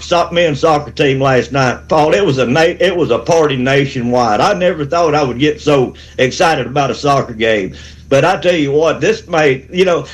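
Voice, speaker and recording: A man, from Alabama, calling in to a sports radio show with a rambling, fired-up pep talk. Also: a little high. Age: 60s. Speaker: caller.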